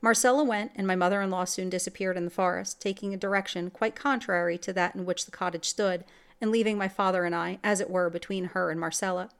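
A woman's voice: mid-range voice, steady tone, fast, creaky, clean tone. A woman reading a classic gothic horror story aloud in scripted narration, with dramatic delivery. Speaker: story reader.

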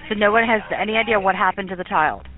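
A woman's voice: medium pitch, fast, crowd noise. A woman working as a 911 dispatcher, firm and insistent as she presses the caller with questions. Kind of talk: emergency phone call. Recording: tinny phone line with clear hiss.

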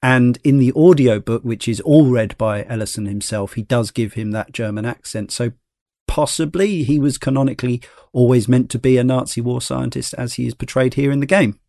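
A man explains and agrees in easy podcast talk. His voice is of ordinary pitch and recorded dry. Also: moderate pace, vocal fry, warm tone, dry recording. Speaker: podcast co-host. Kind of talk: casual chat.

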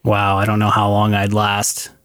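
A man's voice: on the low side, completely flat delivery, normal speed, fairly bright tone, clear, resonant tone, no room sound, clean studio sound. Rambling male podcast host. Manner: rambling questions with fillers and laughs. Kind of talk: casual interview chat.

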